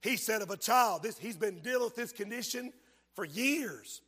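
A man preaching a fervent revival sermon, shouting his points and reading scripture aloud in a church. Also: high voice, lively intonation, moderate pace, husky. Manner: reads King James scripture aloud. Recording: long hall reverb.

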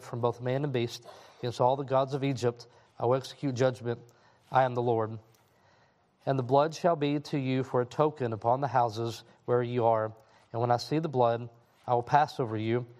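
A man, a pastor, reading scripture aloud in a steady, formal way. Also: medium pitch.

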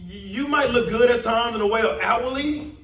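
Emphatic high-voiced male preacher, roomy. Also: normal speed, fairly bright tone. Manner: emphatic, repeats phrases for stress. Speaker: pastor. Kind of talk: sermon. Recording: roomy, distant mic, faint ambience.

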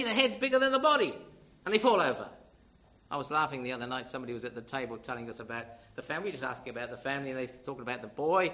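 A man's voice: mid-range voice, very fast, bright, forceful tone. An older man preaching a sermon, emphatic and conversational, often asking the congregation rhetorical questions.

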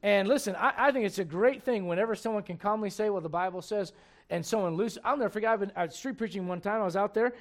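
A man's voice: sits high, quick pace, hardly any pauses. A man preaching a sermon in an emphatic, conversational way, full of rhetorical questions.

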